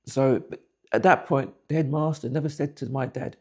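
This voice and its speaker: A man's voice: mid-range voice, moderate pace, husky. A man, giving blunt, plain-spoken personal testimony. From England. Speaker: interviewee.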